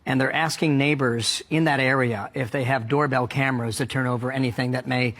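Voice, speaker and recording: Male anchor, husky voice, methodical news delivery. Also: medium pitch, fairly even intonation, a little fast, a bit bright. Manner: briefing a co-anchor point by point. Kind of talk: news report.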